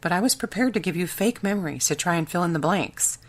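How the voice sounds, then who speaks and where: A woman's voice: fairly low pitch, expressive, quick pace. A woman narrator voicing a defensive male scientist explaining himself in an audiobook. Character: defensive male scientist, loyal old friend.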